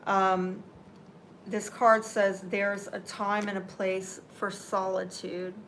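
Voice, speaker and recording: A woman's voice: medium pitch, little pitch movement, takes it slowly, fairly bright tone, a little hiss or hum. A woman giving a live tarot reading, talking unhurriedly and reassuringly straight to the viewer, with teary eyes. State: teary-eyed. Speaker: tarot reader.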